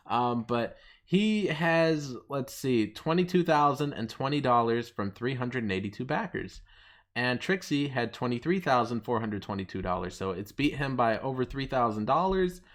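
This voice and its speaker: Young man, host, ranting commentary, mocking tone, laughs a lot, mid pitch. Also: fairly bright tone. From United States. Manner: mocking, laughing often, pitch jumping up when quoting others. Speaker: channel host.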